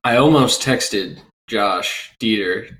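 A man in his twenties with a cold, co-hosting a casual sports podcast in a rough, sick voice, rambling and laughing easily. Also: on the low side, slow pace. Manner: relaxed, rambling with fillers and laughs. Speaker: podcast co-host.

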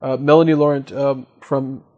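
He's the host of a laid-back podcast, leading the talk and asking his co-hosts questions. His medium-pitched voice is somewhat dark, delivered flatly at a moderate pace.

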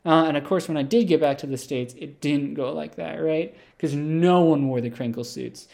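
A man telling an absurd comic story in a rambling, deadpan way, full of asides and fillers. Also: a little high, moderate pace, creaky. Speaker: comedic storyteller. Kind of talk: improvised comic monologue.

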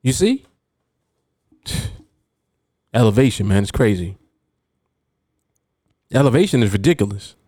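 A man's voice: on the low side, big pitch swings, measured pace, pauses often, warm tone, slightly rough, no echo, clean studio sound. A man hosting a podcast as a trading coach, talking casually and emphatically, reading out chat comments and laughing often.

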